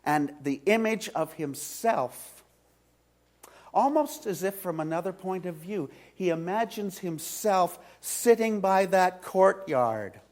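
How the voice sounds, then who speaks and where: A male pastor preaching a sermon in a church, retelling a story slowly with dramatic swings from loud to hushed. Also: high-pitched, animated. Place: church sanctuary.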